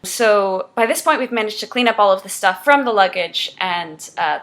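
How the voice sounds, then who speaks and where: A woman's voice: medium pitch, lively intonation, moderate pace, fairly bright tone. A woman game master narrating a tabletop role-play in a descriptive, good-humored way.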